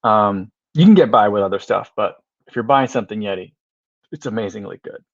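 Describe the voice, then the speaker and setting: A man's voice: on the low side, fairly quick, gravelly, no room sound, highs cut off. A man in his thirties from the United States hosting a casual livestream, reading viewer comments aloud, chatting and laughing often, trailing off and restarting his sentences. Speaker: livestream host.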